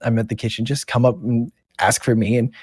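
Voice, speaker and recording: A man putting on a bubbly, high-voiced young cook. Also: little pitch movement, fairly quick, darkish tone, slightly rough, no echo, lightly acted. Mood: eager. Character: eager young male stronghold cook.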